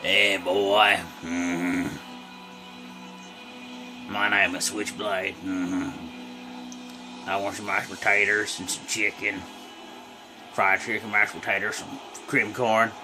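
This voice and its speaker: A young man putting on a low, lazy, drawling character voice, murmuring between his lines. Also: level tone, slow, long pauses, over music, poor audio.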